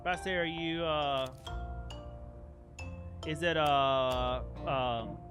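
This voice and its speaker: A man's voice: fairly high pitch, drawn-out words, music in the background. A young man streaming a game, chatting casually and playfully with his chat. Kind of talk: casual live-stream chat over gameplay.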